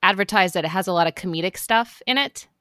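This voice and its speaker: A woman co-hosting a casual podcast chat, expressive and gushing, laughing often. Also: lowish voice, fast talker, no room sound, studio quality. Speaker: podcast co-host.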